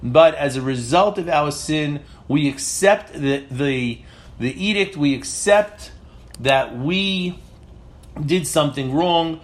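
High-voiced man teaching a Torah class. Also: expressive, takes it slowly. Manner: reads Hebrew verses and explains them in English; retells commentary dramatically, questioning.

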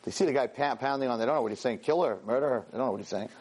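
A man teaching a weekly class, telling a story with lively energy, stumbling over and repeating words and acting out the characters' lines. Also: mid-range voice, rapid-fire, breathy edge. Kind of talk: animated storytelling lesson.

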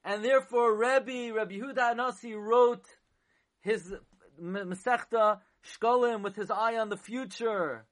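A man teaching a sermon in a slow, emphatic way, sometimes chanting verses in a singsong and hitting words with sudden loud stresses. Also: sits high, fairly even intonation. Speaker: rabbi teaching Torah.

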